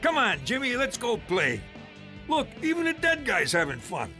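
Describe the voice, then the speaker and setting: An actor playing a brash, crude uncle in a cartoon, blunt and pushy. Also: male voice, extremely high pitch, huge pitch swings, moderate pace, pushed and bright, faint music behind, full character voice. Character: brash, crude, oft-divorced older uncle. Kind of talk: cartoon voice acting.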